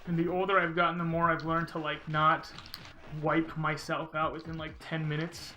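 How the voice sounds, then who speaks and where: A man's voice: fairly high pitch, little pitch movement, normal speed, bright, forceful tone, poor audio. A man streaming a video game and chatting casually, rambling and reading viewers' messages aloud. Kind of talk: casual gameplay commentary.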